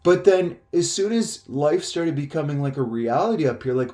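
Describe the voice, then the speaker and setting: A man's voice: on the high side, lively intonation, moderate pace, dark tone. A man telling a personal story in a casual, rambling way, full of filler words and swearing.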